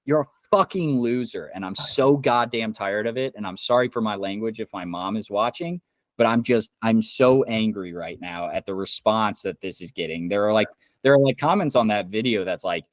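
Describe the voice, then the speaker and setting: A man's voice: fairly low pitch, normal speed, dry recording, studio quality. A young man from Indiana, co-hosting a podcast, ranting heatedly and swearing a lot. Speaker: podcast co-host. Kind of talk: casual podcast chat.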